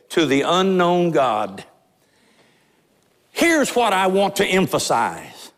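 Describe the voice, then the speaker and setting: High-pitched man preaching hard, fired up and emphatic, big church reverb hanging on every line. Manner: fiery, emphatic preaching with rising intensity. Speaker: pastor. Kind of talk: sermon. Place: church sanctuary. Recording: long reverb of a large church hall.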